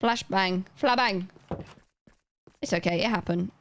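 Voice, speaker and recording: A woman's voice: medium pitch, measured pace, fairly bright tone, slight background noise. A young woman livestreaming a game, chatting casually and rambling as she plays and talks to her chat.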